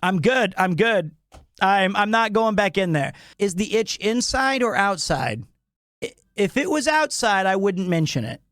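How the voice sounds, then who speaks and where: A man's voice: high-pitched, very animated, moderate pace, fairly bright tone, no room sound, clean studio sound. A man telling a comedic anecdote, acting out his own reactions with laughter. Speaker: podcast guest storyteller.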